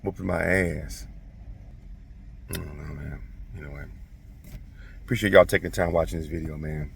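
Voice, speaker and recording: A man casually telling a childhood story to his viewers, animated, profane and self-mocking. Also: rumbling low, normal speed, creaky, far from the mic, a little hiss or hum.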